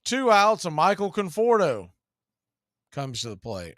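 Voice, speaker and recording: Male stream host calling play-by-play; relaxed, chatty, slightly high, dry recording. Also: a little slow, no echo. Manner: relaxed, chatty, drifting into betting talk. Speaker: play-by-play announcer and show host. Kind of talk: casual baseball play-by-play.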